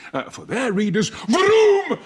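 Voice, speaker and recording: A man hosting a comedy panel show in a loud, exuberant, theatrical way. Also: on the high side, very animated, brisk, slightly rough. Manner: loud, exuberant, bursts into shouts and laughter. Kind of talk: booming, theatrical comic hosting. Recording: TV studio with loud audience laughter and noise.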